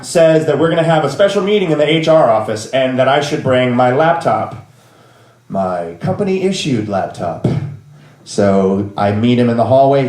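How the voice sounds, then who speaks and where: A man's voice: medium pitch, a little mellow, reverberant. A man in his thirties telling a comic story on stage in a rambling, self-deprecating way, with exasperated rants. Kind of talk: live comedic storytelling.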